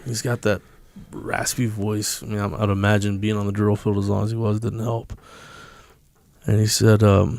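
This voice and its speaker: A man's voice: on the low side, little pitch movement, normal speed, vocal fry, a little mellow, dry recording. A man from the United States, a podcast guest, telling a personal story in a candid, profane and emotional way.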